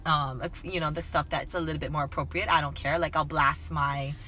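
Chatty lady co-host, kinda low voice but bright and punchy, bit of hiss behind. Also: steady tone, a little fast. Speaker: podcast co-host. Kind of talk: casual chat.

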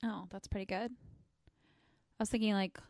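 A woman co-hosting a casual podcast, speaking slowly and hesitantly and laughing often. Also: mid-range voice, fairly even intonation, a little mellow, dry recording, clean studio sound. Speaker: podcast co-host.

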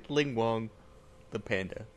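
A man chatting casually as a podcast co-host, enthusiastic and quick to laugh. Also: mid-range voice, a little hiss or hum. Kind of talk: casual chat.

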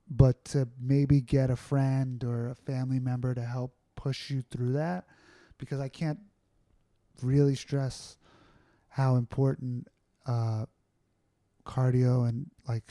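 A podcast guest tells stories in candid, rambling conversation, full of fillers and restarts. His very dark, mellow voice sits at a middling pitch, moving little and going slowly. The sound is dry and close, with no room or echo around it.

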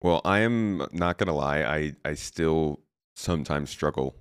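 A young man from California hosting a casual podcast chat, relaxed and quick to laugh. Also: a bass voice, clear, resonant tone, dry recording, clean studio sound. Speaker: podcast host.

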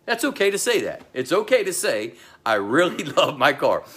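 A middle-aged man, the pastor, delivering a sermon in a slow, emphatic way, pausing often and dropping to a low voice, with chatty asides to the congregation. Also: very animated, slightly rough. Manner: slow, emphatic delivery with pauses and sudden drops to a quiet voice.

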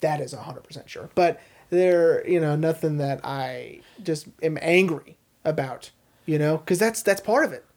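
A man's voice: on the high side, normal speed, darkish tone. A man co-hosting a casual movie podcast, laughing easily and getting fired up. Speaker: podcast co-host. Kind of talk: casual chat about movies.

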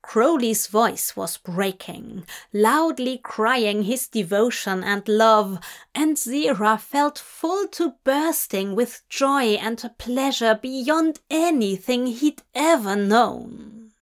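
A woman reads fan fiction aloud in a steady, measured way. Her voice sits on the higher side, and she takes her time over each sentence. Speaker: audiobook reader. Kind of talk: fanfiction audiobook narration.

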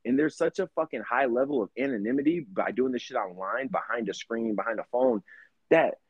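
A man's voice: mid-range voice, a little fast, breathy edge, no room sound, muffled recording. A man co-hosting a podcast, chatting casually and profanely, acting out quotes as he tells stories. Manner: profane, animated storytelling with put-on quotes. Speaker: podcast co-host. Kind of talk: casual chat.

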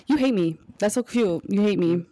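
A woman's voice: mid-range voice, normal speed, mellow, no room sound, clean studio sound. A young woman co-hosting a casual podcast, joking crudely and playfully. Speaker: podcast co-host. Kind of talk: casual chat.

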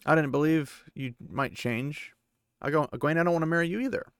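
A man's voice: on the high side, brisk, a bit bright, clear, resonant tone, no echo, studio quality, pitched above the performer's own voice. A man voicing a young man who puts on a brave face, relieved and rambling.

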